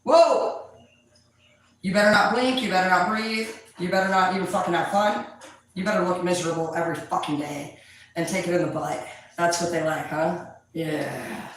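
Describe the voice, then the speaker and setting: A woman's voice: on the low side, a little fast. Foul-mouthed woman, echoey distant mic. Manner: profane, loud, animated storyteller. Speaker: tarot reader. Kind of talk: casual rambling chat to viewers. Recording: echoey room, distant mic, faint noise.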